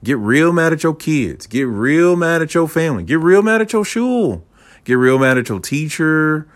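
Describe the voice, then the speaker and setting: A man's voice: on the high side, sing-song, normal speed, voice pushed up. A man doing Amalek, a sly coaxing tempter spirit. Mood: egging on. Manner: sly, coaxing, chanting repetition. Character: wheedling male spirit tempting people to rage.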